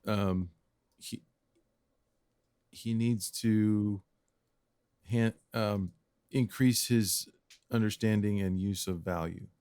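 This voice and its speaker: A man's voice: on the low side, steady tone, slow pace, pauses often, a little mellow, clear, resonant tone, no room sound, studio quality. A man co-hosting a casual podcast chat, giving blunt, matter-of-fact critiques. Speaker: podcast co-host.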